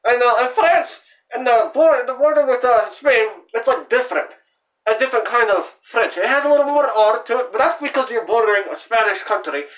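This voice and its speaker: A man's voice: extremely high pitch, brisk. A young man hosting his own channel, explaining language in a loose, rambling way full of fillers and restarts. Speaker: channel host. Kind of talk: casual amateur language explainer. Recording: dull, distant lo-fi home recording.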